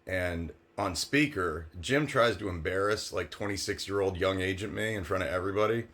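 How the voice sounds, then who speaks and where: A man's voice: low-pitched, moderate pace. A man in his thirties, a former sports agent, telling a story from his career in a brash, sarcastic, casual way. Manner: brash, sarcastic, animated when quoting others.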